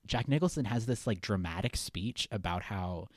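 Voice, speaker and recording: A young man with a fairly low voice talks loosely about a movie, filling his sentences with "like" and "um." He sounds close to the mic in a dry, deadened space. The tone is casual podcast chat. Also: moderate pace, no room sound. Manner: relaxed, rambling, lots of fillers. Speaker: podcast co-host.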